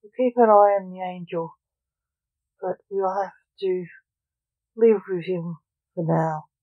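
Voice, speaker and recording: A man's voice: high voice, fairly even intonation, slow, no echo. A reader voicing an impatient, short-tempered father who rules the afterlife, snapping his lines over a narrow phone-like recording. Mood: curt.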